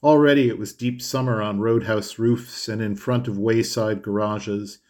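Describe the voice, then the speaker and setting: A man narrating a classic novel in a measured, expressive way. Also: on the low side. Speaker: audiobook narrator. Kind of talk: scripted literary narration.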